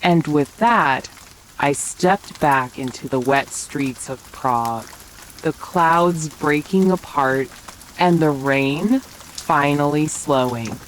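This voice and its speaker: A woman telling a romantic bedtime story in a soft, whispered role-play. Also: deep voice, slight background noise, rough recording. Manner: slow, soft bedtime narration. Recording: faint rain sounds behind.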